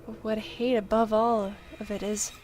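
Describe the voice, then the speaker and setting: A woman's voice: mid-range voice, little pitch movement, normal speed, darkish tone, slight background noise. A woman reading the first-person narration of a story game aloud, dramatic and tense, with the odd slip. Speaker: let's-play reader.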